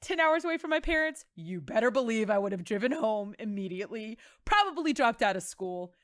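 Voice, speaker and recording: A woman hosting a podcast, telling stories in a casual, animated and dramatic way and laughing often. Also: a little high, fairly quick, no echo, clean studio sound. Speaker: podcast host. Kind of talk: casual storytelling chat.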